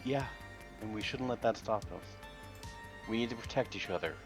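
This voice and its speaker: A man's voice: lowish voice, moderate pace, music in the background. Man, tabletop player, earnest and indignant. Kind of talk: in-character table play.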